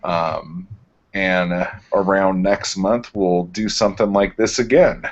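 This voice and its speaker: A man's voice: low-pitched, steady tone, takes it slowly. A man hosting a casual video-call roundtable, easygoing and enthusiastic, saying "like" often. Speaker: host. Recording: dull lo-fi call audio.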